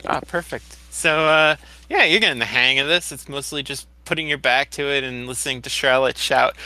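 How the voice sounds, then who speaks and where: A man's voice: mid-range voice, moderate pace, hardly any pauses, bright, forceful tone, no room sound, rough recording. A man narrating as game master, explaining at length with loose fillers and restarts.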